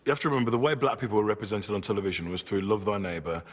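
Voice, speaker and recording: A man, a comedian, reminiscing in an interview, growing animated as he tells his story. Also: fairly low pitch, racing. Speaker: comedian guest. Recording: long reverb in a hall.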